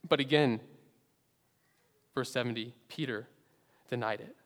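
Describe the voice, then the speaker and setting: In a spacious church sanctuary with long reverb, a man preaches at a measured pace. His mid-range voice is earnest and dramatic, climbing to loud emphasis and dropping to hushed, low endings.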